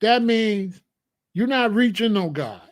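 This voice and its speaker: A man's voice: sits high, expressive, takes it slowly. A man hosting a comedic monologue, preachy and full of rhetorical questions. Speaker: comedian host.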